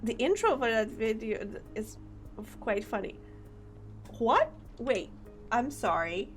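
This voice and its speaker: A woman streamer giving live gameplay commentary, reacting with excited laughter and disbelief. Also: fairly high pitch, measured pace, faint music behind.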